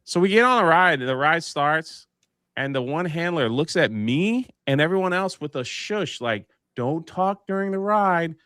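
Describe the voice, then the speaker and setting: A man's voice: on the high side, normal speed, smooth, dry recording, studio quality. A man hosting a casual live panel show, telling a story and acting out the voices in it. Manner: animated, acts out the voices in his anecdotes.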